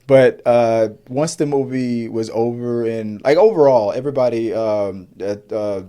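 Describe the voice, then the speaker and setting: A man's voice: medium pitch, unhurried, warm tone, smooth. A man in his forties co-hosting a casual movie review podcast, rambling with many restarts and fillers. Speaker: podcast co-host.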